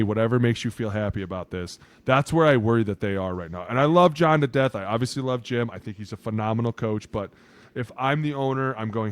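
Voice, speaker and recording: A man co-hosting a sports podcast in casual talk. He is loud and profane and often acts out what other people say. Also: mid-range voice, fast, clean tone. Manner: loud, profane, acts out quotes in put-on voices. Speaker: podcast co-host.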